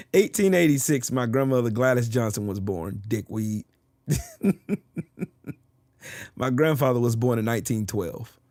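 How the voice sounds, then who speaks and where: A man's voice: medium pitch, lively intonation, a little slow, long pauses, a little mellow, no echo, clean studio sound. A man trash-talking his chat on a livestream, taunting and boasting, repeating his jabs over and over. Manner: profane, boastful. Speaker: streamer arguing with chat.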